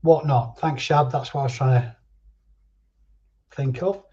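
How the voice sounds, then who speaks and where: A man's voice: medium pitch, measured pace, a little mellow. A man hosting a casual live stream chat, reading viewer comments and chatting in a rambling way. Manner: chatty, answers viewer comments and drifts between thoughts. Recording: dull lo-fi stream audio.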